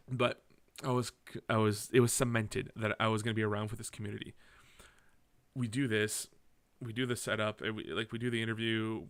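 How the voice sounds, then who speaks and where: A man's voice: lowish voice, a bit bright, clear, resonant tone. Male podcast host from Canada, drinking on mic, rambling solo storyteller with self-corrections and casual swearing. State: drinking while talking.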